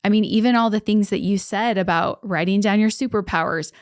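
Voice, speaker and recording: A young woman co-hosts a casual podcast, telling stories in an earnest, chatty way full of "like" fillers. Her voice sits in a middle pitch and sounds dry and close, with no room around it. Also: a little fast, dry recording. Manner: earnest, storytelling, frequent "like" fillers. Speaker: podcast co-host.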